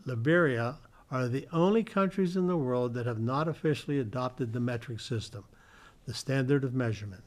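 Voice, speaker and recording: A man's voice: medium pitch, brisk. A man hosting a community television show, reading fun facts from slides in a studio, now and then stumbling over words and correcting himself. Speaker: host.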